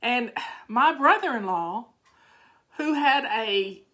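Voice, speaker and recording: A woman's voice: on the high side, animated, slow pace, background noise. An older woman, chatting casually to her viewers in a folksy, talkative way. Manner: chatty, folksy, talks back to viewer comments. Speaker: home-organizing vlogger. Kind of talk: casual live chat to viewers.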